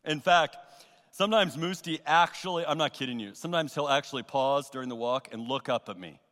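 A man preaching a sermon as pastor, earnest and emphatic, with pauses and repeated phrases. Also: mid-range voice, a bit bright, long reverb tail. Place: church sanctuary.

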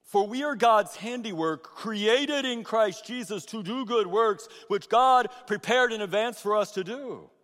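A man preaching a sermon as pastor, swinging between loud emphatic bursts and hushed asides. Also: high voice, animated, unhurried, hardly any pauses. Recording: long reverb of a large hall.

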